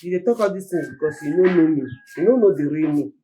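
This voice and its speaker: A woman's voice: sits low, animated, fast, warm tone, a little hiss or hum, low-quality recording. An actress with a Nigerian accent plays a guardian woman coaxing and pleading in Pidgin with a falsely sweet manner.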